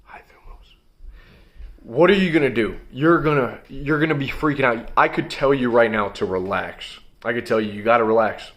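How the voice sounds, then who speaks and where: A man's voice: mid-range voice, fairly quick, hardly any pauses, fairly bright tone. A young man giving a blunt, emphatic motivational monologue as host of his own video channel, coaching listeners directly.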